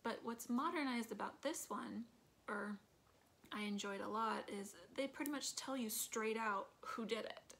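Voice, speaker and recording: A woman's voice: fairly high pitch, measured pace, gravelly, a bit bright, a little hiss or hum. A woman chatting casually in a movie review, retelling scenes with acted quotes and lots of fillers.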